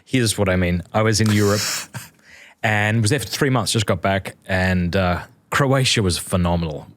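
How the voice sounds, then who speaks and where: A man's voice: fairly low pitch, moderate pace, a bit bright, a little hiss or hum. A man hosting a podcast, talking in an earnest, reflective way. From Australia. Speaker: podcast host. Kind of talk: casual podcast conversation.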